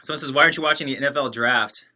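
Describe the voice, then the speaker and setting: A man talks casually on a livestream, reading out viewer comments and answering each one with dry, joking sarcasm. His voice is strikingly bright and sharp, sitting at an ordinary middle pitch for a man. He rambles loosely from one comment to the next. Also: very fast. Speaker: livestream host reading chat. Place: separate building, alone.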